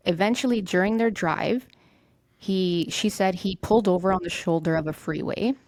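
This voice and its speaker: A woman's voice: lowish voice, normal speed, a little mellow, no echo. A young woman hosting a podcast, telling a true-crime story in a loose, conversational way and swearing casually. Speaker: podcast host.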